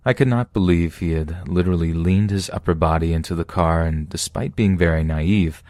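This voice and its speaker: A man narrating true scary stories in a steady first-person reading. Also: sits low, dry recording. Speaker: podcast narrator.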